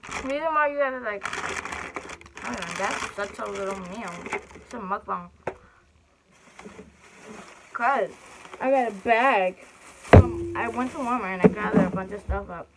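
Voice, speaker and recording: A woman's voice: medium pitch, measured pace, long pauses, very noisy. A young woman chatting casually between bites in a home eating vlog, bubbly and chatty, in a small bedroom. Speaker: mukbang vlogger.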